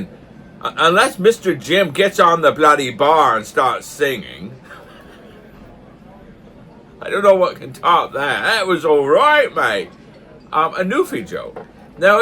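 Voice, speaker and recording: A man's voice: a little high, sharp tone, slight background noise. An older man hosting his own channel, telling jokes in a casual, jovial way, laughing often and throwing in mock-posh asides. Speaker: channel host. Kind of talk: casual joke-telling chat. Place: pub.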